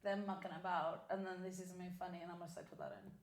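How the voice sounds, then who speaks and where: A woman chatting as a guest writer-director, blunt and sweary, with quick asides. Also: lowish voice, little pitch movement. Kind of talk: casual podcast chat. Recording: echoey room with faint noise.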